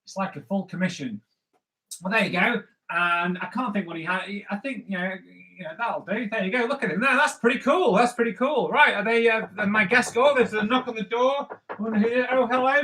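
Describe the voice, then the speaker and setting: A man hosts a live draw-along and talks through each sketch as he works. His voice sits high and has a sharp, bright edge. He sounds goofy and easy-going, tossing in jokes between pen strokes. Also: fairly quick, low-quality recording. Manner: playful, chatty, jokes while drawing. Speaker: comics artist hosting a live drawing stream.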